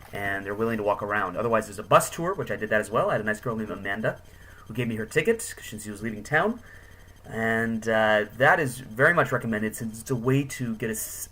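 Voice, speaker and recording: A man's voice: fairly low pitch, fairly bright tone. A young man telling travel stories casually, rambling with many fillers. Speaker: travel vlogger. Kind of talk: casual storytelling.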